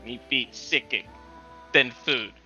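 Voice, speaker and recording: A man's voice: medium pitch, slow, lo-fi sound, faint music behind, pitched below the performer's own voice. A man voicing a hungry, pouting young male dragon who talks in clipped broken phrases. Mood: grumbling. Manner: shouting in clipped caveman grammar.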